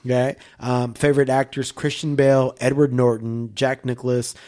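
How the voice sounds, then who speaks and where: A man in a casual podcast chat, rambling with lots of swearing and boundless enthusiasm. His pitch sits in an ordinary middle range. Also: little pitch movement, normal speed, a little mellow. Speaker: podcast guest, filmmaker.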